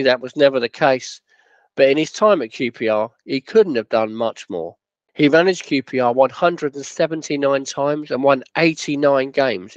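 A man narrating a football club history in a plain, steady storytelling way, with quoted dialogue. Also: mid-range voice, vocal fry, no room sound, highs cut off.

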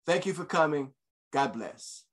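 Older man with a fairly high voice. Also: animated, unhurried, a bit bright. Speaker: alumni association president. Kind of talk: formal welcome address.

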